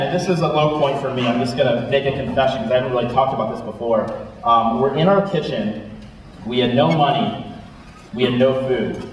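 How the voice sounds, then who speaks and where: A young man on stage, telling his founding story with quick, self-deprecating asides. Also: medium pitch, highs cut off, slight background noise. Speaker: startup founder giving a talk. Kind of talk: storytelling keynote talk. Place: large lecture hall. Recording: very echoey hall, voice from far off.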